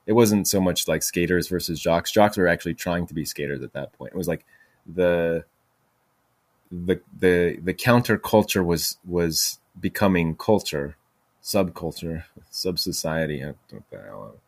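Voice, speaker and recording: A man's voice: sits low, measured pace, no room sound. A man hosting a podcast, telling stories in a rambling way with many fillers and restarts. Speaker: podcast host. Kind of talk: casual storytelling monologue.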